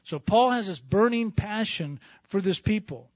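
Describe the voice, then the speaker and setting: A man's voice: high voice, expressive, measured pace, a little mellow, no echo, lo-fi sound. A middle-aged male pastor teaching a sermon in a conversational, self-deprecating way, often restarting his sentences.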